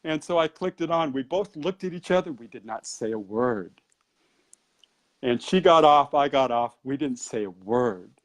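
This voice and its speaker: A man with an ordinary middle-pitched voice tells a personal story in an interview. His delivery is animated, and his pace speeds up and slows down as the tale builds. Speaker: Qigong and Tai Chi teacher.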